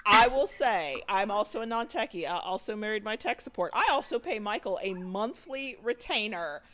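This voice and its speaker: A woman co-hosts a podcast over a video call in a mid-range voice. She chats in a relaxed, playful way, with casual swearing. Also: medium pitch, moderate pace. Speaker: podcast co-host. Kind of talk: casual chat.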